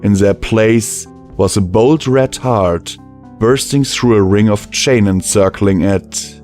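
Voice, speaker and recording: A man reading a first-person audiobook with a low, emotional voice. His pace is slow and deliberate. Faint music plays under the narration. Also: darkish tone.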